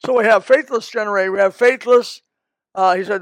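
A man's voice: high voice, fairly even intonation, fast talker, no echo. A man preaching a sermon in a folksy, rambling way, with asides and restarts. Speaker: pastor.

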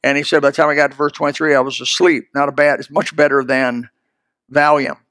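A man's voice: medium pitch, flat delivery, fast, fairly bright tone, no room sound. A man preaching a sermon in a folksy, emphatic way, speaking straight to his listeners.

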